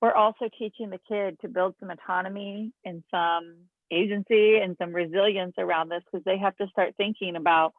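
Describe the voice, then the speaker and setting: A woman therapist giving an online parenting talk in an earnest, gentle way, often acting out what a parent might say to a child. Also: mid-range voice, normal speed, no echo. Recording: tinny phone-like call audio.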